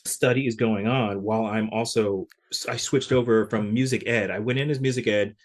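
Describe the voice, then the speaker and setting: This man, a guest musician, narrates a story during an interview and does the voices of its characters. He speaks in a lowish voice at a moderate pace, animated as he plays out the dialogue.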